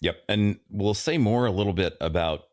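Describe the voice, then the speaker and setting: A man's voice: lowish voice, moderate pace, no room sound, clean studio sound. A man co-hosting a book podcast, reading passages aloud and then musing thoughtfully, with some hesitation. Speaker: podcast co-host.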